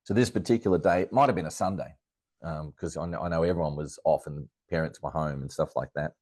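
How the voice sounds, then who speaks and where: A middle-aged Australian man, an astrologer guest in an interview, telling a personal story in a lively anecdotal way with plenty of fillers and restarts. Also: extremely low pitch, fast talker, no room sound, clean studio sound.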